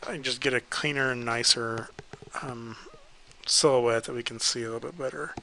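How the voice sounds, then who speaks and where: Male art teacher, bright voice, casual halting critique. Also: mid-range voice, slight background noise, rough recording. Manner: relaxed, hesitant, many ums and likes. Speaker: art instructor giving pose feedback. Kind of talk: casual critique while sketching.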